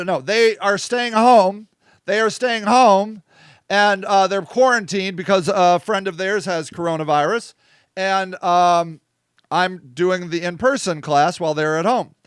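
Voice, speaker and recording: A man's voice: sits high, a little slow, a bit bright, smooth, no room sound, clean studio sound. A man hosting a casual live-stream monologue, blunt and swearing, often asking "okay?". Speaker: host.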